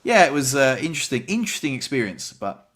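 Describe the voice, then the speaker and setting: A young man chats on his podcast in a loose, rambling way, poking fun at himself as he goes. His pitch sits in an ordinary middle range for a man. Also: sing-song, quick pace, a bit bright. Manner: chatty, rambling, self-deprecating. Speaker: podcast host. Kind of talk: casual chat.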